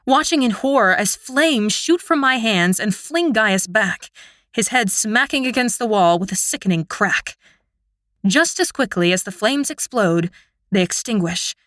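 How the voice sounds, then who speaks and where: Woman narrator for a fantasy audiobook, expressive, medium pitch, dry close recording. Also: dry recording. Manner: expressive, emotional reading. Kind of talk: first-person fantasy narration.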